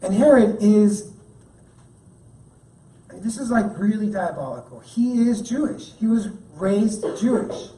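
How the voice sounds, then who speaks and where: A man's voice: sits high, expressive, takes it slowly, pauses often, warm tone. A man giving a sermon as guest speaker at a church, talking in a casual, joking way. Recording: echoey room, mic at a distance.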